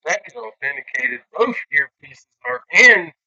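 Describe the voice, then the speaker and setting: Guy running a card break stream, really bright voice, slow and bouncy delivery, kinda lo-fi audio. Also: high voice, sing-song, gravelly. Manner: upbeat, calls out hits to viewers. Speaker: card break livestream host. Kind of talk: casual live stream commentary.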